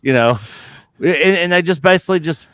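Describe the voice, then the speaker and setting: A man's voice: a little high, brisk, fairly bright tone, clean tone, no room sound, clean studio sound. A man co-hosting a casual live stream, rambling through recollections full of fillers and restarts. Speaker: co-host.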